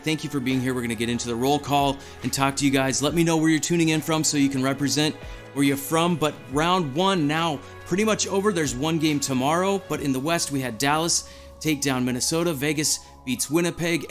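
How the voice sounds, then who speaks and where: A man hosting a live stream, giddy and out of breath, reading chat messages aloud in an excited chat. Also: fairly high pitch, brisk, soft background music.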